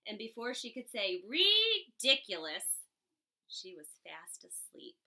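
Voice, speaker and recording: A woman reading a children's picture book aloud, giving each animal its own expressive voice. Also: medium pitch, normal speed, vocal fry. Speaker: storybook reader. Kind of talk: children's story read-aloud.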